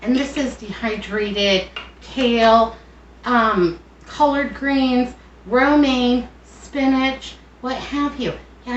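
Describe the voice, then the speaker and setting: A woman's voice: fairly high pitch, fairly bright tone, a little hiss or hum. A middle-aged woman telling a rambling, self-deprecating story in casual chat while she cooks in her home kitchen. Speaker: home cooking vlogger. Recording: roomy, dull sound from a distant mic.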